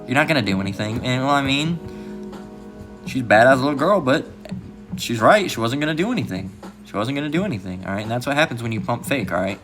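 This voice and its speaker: A man giving casual, rambling commentary as a channel host, filling every pause with "all right" and "you know" and mocking others in a raised voice. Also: mid-range voice, animated, fairly bright tone. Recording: music playing behind the voice.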